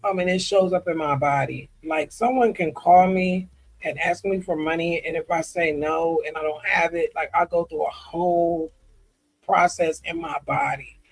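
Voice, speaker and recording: A man talking candidly in a personal vlog, earnest and confiding, often halting with ums and restarts as he reads comments aloud. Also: fairly high pitch, fairly even intonation, low-quality recording. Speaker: vlogger.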